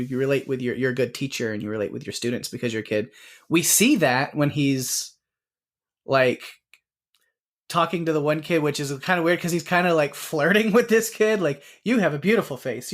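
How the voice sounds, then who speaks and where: A man co-hosting a movie podcast, chatting casually and rambling with lots of fillers and quick laughs. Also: fairly high pitch. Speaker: podcast co-host. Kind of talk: casual movie review chat.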